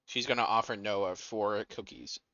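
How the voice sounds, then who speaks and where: A man as game master describing events at a tabletop game in an animated way. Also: lowish voice, moderate pace, no echo, highs cut off.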